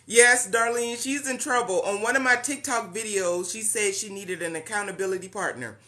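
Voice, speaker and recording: Bright-voiced woman hosting a live stream. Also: medium pitch, moderate pace. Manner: warm and chatty, greets viewers by name; uses Southern-style "y'all". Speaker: host of a live-stream blessing meeting. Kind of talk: casual live-stream greeting viewers.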